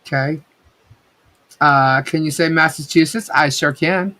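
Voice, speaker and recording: A woman's voice: sits low, measured pace, fairly bright tone. Woman co-host for a casual live chat stream; blunt, rambling delivery with plenty of swearing. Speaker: co-host of a livestream. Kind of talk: casual livestream commentary.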